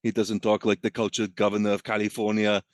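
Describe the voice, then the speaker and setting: Rambling, laughing man with a low voice. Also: monotone, a little fast, dry recording. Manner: rambling, self-interrupting, laughs often. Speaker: podcast guest. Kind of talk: casual chat.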